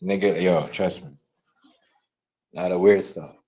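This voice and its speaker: A young man, live-streaming a heated, repetitive rant that swings from loud outbursts to low mutters. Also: steady tone, measured pace, poor audio. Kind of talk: ranting live-stream commentary.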